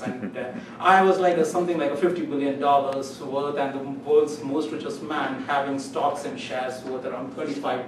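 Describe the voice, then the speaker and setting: A man telling a humorous story in a club speech, acting out other people's voices with sudden high, loud lines. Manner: storytelling, acts out voices with rising pitch. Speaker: club speaker. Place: meeting room. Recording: echoey room from far off, faint noise.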